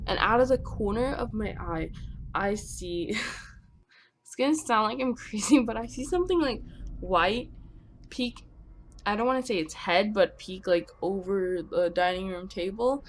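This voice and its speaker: A young woman telling a personal story on her vlog, speaking quickly and nervously with animated emphasis. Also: mid-range voice, a little hiss or hum. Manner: talks fast when nervous. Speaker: vlogger. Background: music.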